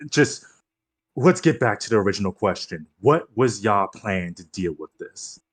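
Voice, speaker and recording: Man as exasperated mentor type: sarcastic, low, lively delivery. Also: normal speed. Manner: sarcastic, mocking. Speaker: tabletop game player.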